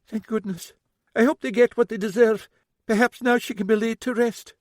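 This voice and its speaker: A man's voice: very high voice, steady tone, moderate pace, no echo, studio quality, pitched above the performer's own voice. A man voicing a nervous, theatrical older woman who feigns innocence, in an audiobook. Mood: fluttery. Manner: fluttery, falsely innocent.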